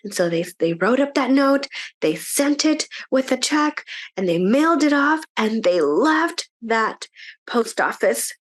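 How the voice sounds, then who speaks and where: Animated woman telling a children's story. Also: high-pitched, a little slow. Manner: animated, chatty, with fillers. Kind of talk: children's story told at church.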